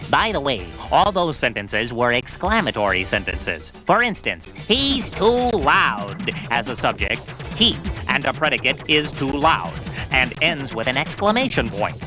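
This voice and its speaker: A man's voice: medium pitch, sing-song, moderate pace, hardly any pauses, over music, natural voice. A man playing a wry, lecturing inventor who explains grammar in a 1980s educational video. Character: eccentric inventor teaching grammar.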